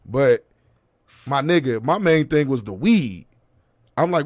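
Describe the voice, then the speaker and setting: A man in his thirties hosts a casual podcast chat, spinning a long story with street slang and acting out the quotes. His voice sits at a middle pitch and is recorded dry and close to the mic. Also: fairly quick, no echo. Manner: animated, profane street slang, acts out quotes. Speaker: podcast host.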